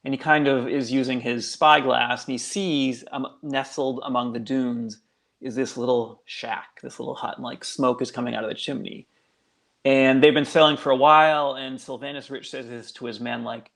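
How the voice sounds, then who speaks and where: A man's voice: mid-range voice, fairly even intonation, moderate pace, vocal fry, a bit bright. A male guest author telling a local legend in a casual, chatty way, full of fillers. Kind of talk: casual storytelling.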